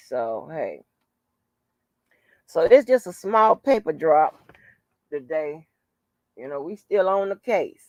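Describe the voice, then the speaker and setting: A woman's voice: lowish voice, darkish tone, dry recording, lo-fi sound. Blunt, profane woman chatting on a live stream. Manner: greets viewers by name, blunt and profane. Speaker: channel host. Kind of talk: casual live-stream chat.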